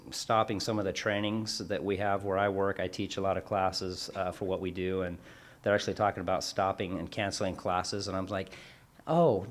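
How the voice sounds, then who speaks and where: A man's voice: lowish voice, slight background noise. A man chatting casually as a show's co-host, telling a long work story in a rambling way with self-corrections and acted-out quotes. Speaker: workplace class instructor. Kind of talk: casual chat.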